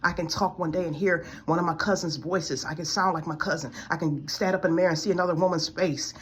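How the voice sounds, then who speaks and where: A woman's voice: lowish voice, fairly even intonation, fast, a little hiss or hum. A woman in her forties giving a pleading, tearful spiritual testimony to camera, close to tears and repeating her complaints. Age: 40s. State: near tears.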